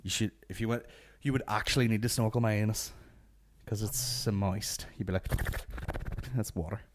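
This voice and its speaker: Speaking at normal speed over a noisy background, this podcast host has a fairly low, fairly even voice. He's a Northern Irish man rambling through crude, sweary comedy banter in his warm garage at home.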